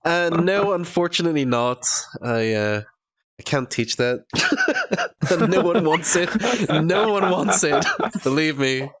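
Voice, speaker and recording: A man from Northern Ireland, his accent softened by years in Canada, chatting as a podcast guest and laughing often. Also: a little high, expressive, slow pace, no room sound. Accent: Northern Irish softened by Canadian. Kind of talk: casual chat.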